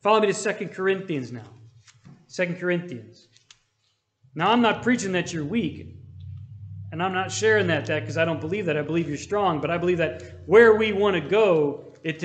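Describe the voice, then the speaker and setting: A man's voice: a little high, roomy sound. A man leading a Bible study, talking conversationally and calling on his listeners for amens. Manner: conversational, asks the room for amens. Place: church hall.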